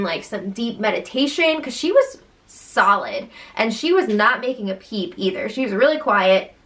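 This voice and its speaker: A young woman recapping the week for her podcast in a loose, chatty way. Her voice sits slightly high, she giggles often, and she fills her sentences with "like.". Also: a bit bright. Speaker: podcast co-host. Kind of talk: casual recap chat.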